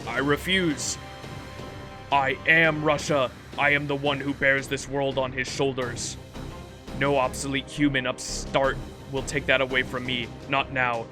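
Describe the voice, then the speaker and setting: A man voicing a proud, defiant ancient emperor, reading game dialogue in a grave, measured way. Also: medium pitch, level tone, close to an everyday voice. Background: background music.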